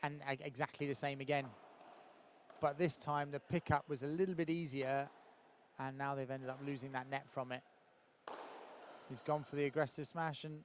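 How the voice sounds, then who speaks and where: A man giving relaxed, chatty live commentary on a padel match, with frequent ums and small laughs. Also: mid-range voice, normal speed, slight background noise.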